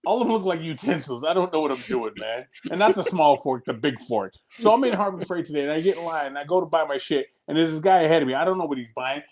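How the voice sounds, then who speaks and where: A man's voice: on the high side, animated, quick pace, few pauses, a little mellow. Profane joking Northeastern man. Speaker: podcast co-host. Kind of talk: casual chat.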